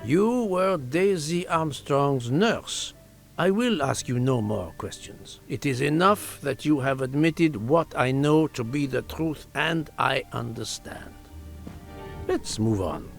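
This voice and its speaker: A man voicing a precise, formal detective who questions suspects with measured courtesy, in a video game. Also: on the high side, lively intonation, vocal fry, heavily acted. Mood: calm. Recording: game audio with faint music behind.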